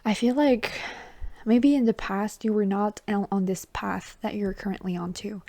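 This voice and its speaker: A woman giving a tarot reading, talking softly and reassuringly, often dropping into a whisper and calling the listener baby or honey. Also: mid-range voice, fairly even intonation, normal speed, gravelly. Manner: chatty and affectionate, calls the listener baby and honey. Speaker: tarot reader. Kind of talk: intuitive tarot reading to viewers.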